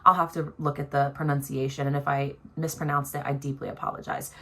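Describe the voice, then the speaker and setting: A woman's voice: low voice, flat delivery, a little fast, fairly bright tone. A young woman vlogger in casual reflective chat, talking in an earnest, musing way and stretching words out for emphasis. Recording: noisy background.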